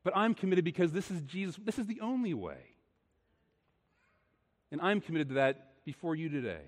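Male pastor, slightly high voice, earnest sermon delivery, long church reverb. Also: very animated, normal speed. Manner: earnest, rising and falling between quiet and emphatic.

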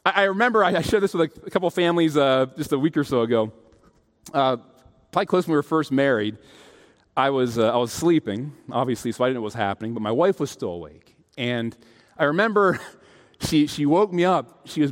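A man preaching a sermon, telling stories in an animated way and acting out the voices of the people he quotes. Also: fairly high pitch, fast. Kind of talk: sermon with storytelling. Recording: long hall reverb.

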